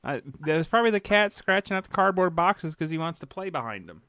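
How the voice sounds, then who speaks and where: A man's voice: high-pitched, expressive, quick pace, bright, forceful tone, dry recording. A man co-hosting a casual podcast chat, teasing his co-host and narrating what she does.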